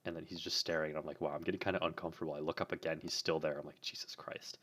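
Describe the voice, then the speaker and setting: A man's voice: rumbling low, flat delivery, racing, fairly bright tone. A young man co-hosting a casual chat show, telling a rambling story full of "like" and casual swearing. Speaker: co-host.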